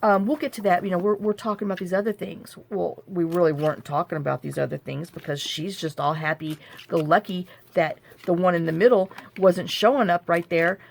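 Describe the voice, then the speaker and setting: A woman chatting casually at her craft table, venting in frustration and restarting often. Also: lowish voice. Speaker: journaling crafter. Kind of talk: casual rambling chat.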